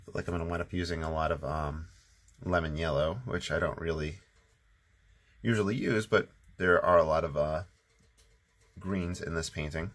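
A man with a very low voice talks casually through a watercolor session at home. He rambles a little, fills pauses with ums and sounds like he has only just woken up. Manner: relaxed, rambling, many ums. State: sleepy, just waking up. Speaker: watercolor channel host. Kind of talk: casual painting tutorial narration.

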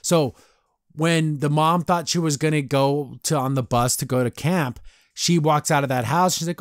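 A young man hosting a podcast, casually recapping a cartoon episode and voicing the characters in quick impressions, with frequent restarts. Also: on the high side, dry recording, studio quality. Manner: retells scenes with quick voiced impressions, restarts and stammers. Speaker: podcast host.

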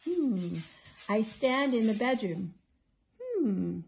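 An older woman reads a riddle picture book to her grandkids at bedtime, taking her time. Her voice sits at an ordinary pitch, and she quizzes gently and playfully between pages. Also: big pitch swings, slow pace, vocal fry. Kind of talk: bedtime story reading to grandchildren.

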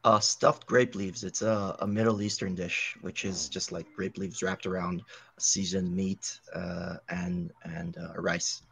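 A deep, gravelly man who talks slowly and with some hesitation. His voice sounds husky and rough-edged. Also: little pitch movement, fairly bright tone. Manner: slow, a bit hesitant. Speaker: author. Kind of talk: casual chat.

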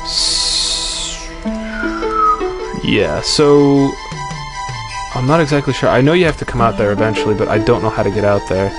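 A man's voice: lowish voice, normal speed, pauses often. A man commentating on a horror game, jumpy and swearing often as he reads the game's text aloud. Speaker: let's play commentator. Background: game music.

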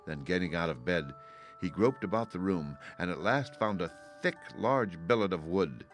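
A man narrating a fairy-tale audiobook with a low voice. His delivery is steady and even, with faint music underneath. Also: moderate pace.

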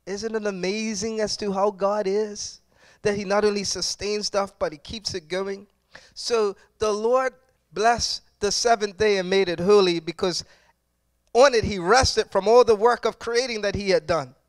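A male pastor delivering a sermon, asking the congregation for responses and moving between quiet reflection and loud emphasis. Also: high voice, steady tone, measured pace, no echo. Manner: preaching with call-and-response, swings from quiet to loud.

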